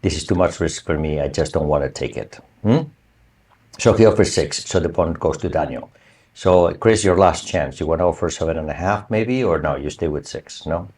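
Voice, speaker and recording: A man with a deep, low-pitched voice gives a university lecture. He talks in a loose, conversational way and keeps asking the class whether it is clear. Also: moderate pace, darkish tone. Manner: conversational, asks the class for confirmation. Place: online or recorded lecture.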